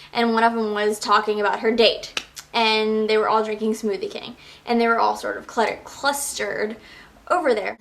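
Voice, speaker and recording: A young woman vlogging, casually retelling a frustrating shopping trip and acting out the quotes with exasperation. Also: a little high. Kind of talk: casual storytelling to camera.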